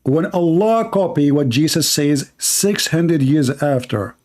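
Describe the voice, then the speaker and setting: A man with an Arabic accent argues in a heated live debate, cutting in and mocking the other side. His voice sits fairly high for a man. He repeats one question insistently and won't let it drop. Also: expressive, measured pace, darkish tone. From Middle East. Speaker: debate host.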